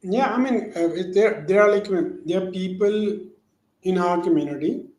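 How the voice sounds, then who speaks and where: Man in his 40s stumbling through a question on a call, kinda high voice, echoey room. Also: normal speed, darkish tone. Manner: hesitant, many fillers and restarts. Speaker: audience member asking a question. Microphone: video call.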